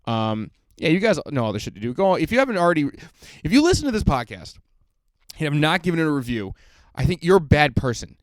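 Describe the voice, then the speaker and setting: A man's voice: on the high side, big pitch swings, fast, no echo. Rambling profane young man, dry studio sound. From suburbs of Boston, US. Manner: rambling, profane, laughs often. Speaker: podcast host, stand-up comedian. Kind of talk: casual podcast banter.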